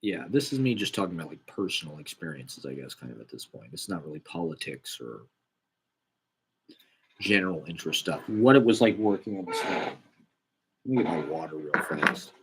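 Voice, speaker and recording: A man's voice: low-pitched, animated, a little fast, a bit bright, a little hiss or hum. A young man telling a casual, rambling, profane, self-deprecating story about a small acting job. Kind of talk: casual monologue.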